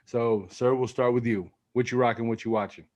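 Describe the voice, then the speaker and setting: A man hosting a casual podcast in a relaxed, easygoing way, leading the segments. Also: mid-range voice, fairly quick, muffled recording. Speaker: podcast host. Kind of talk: casual sneaker podcast chat.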